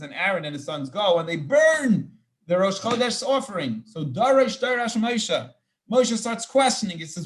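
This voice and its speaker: A man's voice: high-pitched, big pitch swings, normal speed. A man, a rabbi, teaching an informal Torah class, explaining verses with Hebrew terms and frequent restarts.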